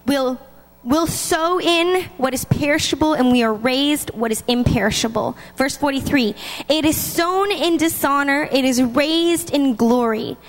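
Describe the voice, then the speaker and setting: A woman preaching a sermon in a lively, chatty way. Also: high voice, unhurried. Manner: lively, chatty, laughs between points. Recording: long hall reverb.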